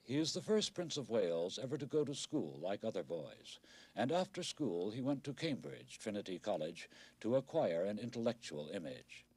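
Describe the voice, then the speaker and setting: A middle-aged man narrating a television news report in a measured, wry documentary style. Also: fairly low pitch, sing-song, a little mellow, husky, dry recording.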